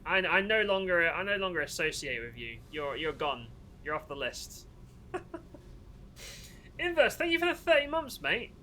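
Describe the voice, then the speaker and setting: A male game streamer with a high, bright voice, chatting casually over his gameplay. His pitch swings all over the place as he jokes and grumbles in exasperation. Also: moderate pace, a little hiss or hum. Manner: animated, exasperated and joking. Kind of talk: casual gaming commentary.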